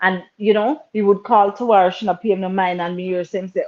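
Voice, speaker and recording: A woman's voice: medium pitch, fairly even intonation, brisk. A woman with a Jamaican accent, co-hosting a casual live-stream chat and telling stories in patois, often repeating her words. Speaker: co-host. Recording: dull lo-fi stream audio.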